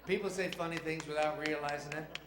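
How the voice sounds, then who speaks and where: A man's voice: fairly high pitch, fairly even intonation, fast talker. A man telling comic stories on a theater stage, acting out voices and engine noises. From New York. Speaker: stage comedian. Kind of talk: stand-up storytelling. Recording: echoey theater with audience noise.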